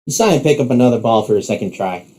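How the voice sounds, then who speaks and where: A man narrating a second-person story in a steady, descriptive way. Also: mid-range voice, rapid-fire.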